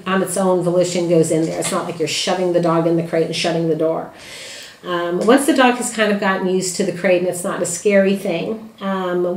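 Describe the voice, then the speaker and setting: A middle-aged woman, a puppy breeder giving advice in a chatty, matter-of-fact way with many fillers. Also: on the low side. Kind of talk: casual spoken advice. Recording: echoey room.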